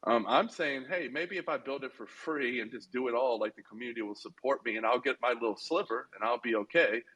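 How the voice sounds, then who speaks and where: This man co-hosts a casual podcast and talks earnestly, thinking aloud with frequent fillers. His voice is slightly husky. His pitch sits in the middle range for a man. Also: a little fast, fairly bright tone, low-quality recording. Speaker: podcast co-host.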